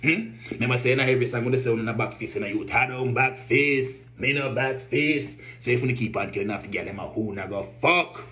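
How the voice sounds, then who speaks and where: A man's voice: mid-range voice, fairly quick, hardly any pauses, fairly bright tone. Blunt Jamaican man ranting. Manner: blunt, mocking. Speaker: vlogger. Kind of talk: comic rant to camera.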